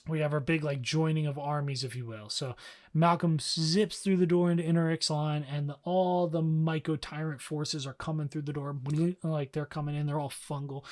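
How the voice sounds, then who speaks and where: A young man co-hosting a podcast, recapping a story in a casual, slangy way and slipping into quick character voices. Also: fairly high pitch. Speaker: podcast co-host.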